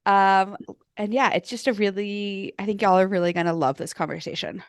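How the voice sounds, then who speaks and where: A chatty woman co-hosting a podcast. She talks at a middling pitch, fills her talk with ums and likes, and reads out guest bios. The sound is dry and close. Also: steady tone, normal speed, dry recording. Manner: chatty, many ums and likes, laughs easily. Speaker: podcast co-host. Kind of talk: casual podcast chat and reading guest bios.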